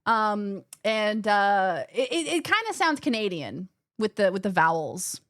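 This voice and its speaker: A woman streamer chatting casually with her viewers, animated and rambling, often restarting her sentences. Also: medium pitch, unhurried, dry recording, studio quality. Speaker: gaming streamer.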